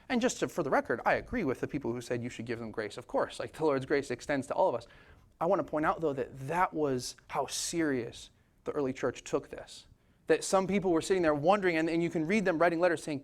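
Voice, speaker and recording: A man preaching a sermon as pastor, talking in a conversational, animated way with casual asides. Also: fairly high pitch, brisk. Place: church sanctuary.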